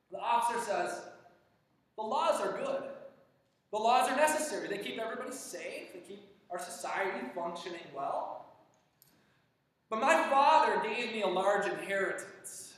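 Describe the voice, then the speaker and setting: A man preaching a sermon, telling a story in an animated way and acting out the dialogue with frequent restarts. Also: sits high, moderate pace. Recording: echoey church hall, distant mic.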